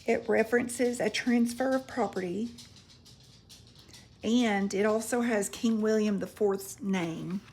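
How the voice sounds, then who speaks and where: A woman's voice: medium pitch, a little mellow, slight background noise. A woman selling vintage paper and crafts, talking casually and describing each item up close. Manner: chatty, unhurried, describing items up close, stumbles over foreign words. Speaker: online craft seller. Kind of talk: casual product presale video.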